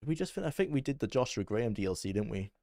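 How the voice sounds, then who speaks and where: A young man with a Welsh accent chatting casually while streaming a game, barking quick orders at his squad. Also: lowish voice, sing-song, gravelly, warm tone, no room sound, clean studio sound. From Wales. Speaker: livestreamer. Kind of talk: live gameplay commentary.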